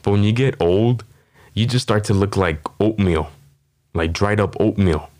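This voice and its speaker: A man's voice: lowish voice, fairly even intonation, measured pace, darkish tone. A man hosting a comedy podcast, riffing casually with a rambling, profane delivery full of fillers. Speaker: podcast host.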